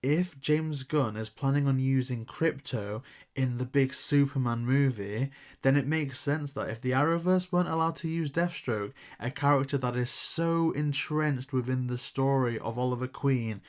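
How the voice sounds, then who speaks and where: A man's voice: mid-range voice, moderate pace. A man hosting a channel, talking through a news story in casual commentary, thinking aloud with hedges and restarts. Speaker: YouTube commentary host.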